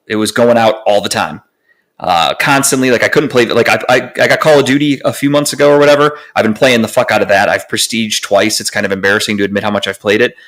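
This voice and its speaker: A young podcast co-host with a lowish voice tells a long story in casual chat, animated and profane, with lots of fillers.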